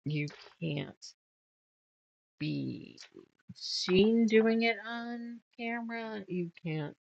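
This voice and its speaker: A woman's voice: a little high, extremely slow, creaky, lo-fi sound. A middle-aged woman chatting casually while she quilts, rambling through stories, trailing off and laughing at herself. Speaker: quilting vlogger. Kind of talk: casual chat while sewing.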